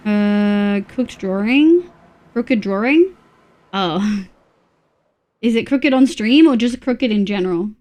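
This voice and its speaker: A woman's voice: mid-range voice, animated, slow pace, long pauses, dark tone. A young woman chatting casually on a live stream, reading chat aloud between laughs. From Australia.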